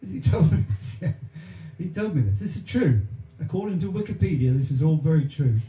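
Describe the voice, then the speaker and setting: A man's voice: a little high, animated, brisk, dark tone, echoey room, poor audio. A man hosting a live music stream from home, bantering and telling stories between songs. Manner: jokey, chatty storyteller.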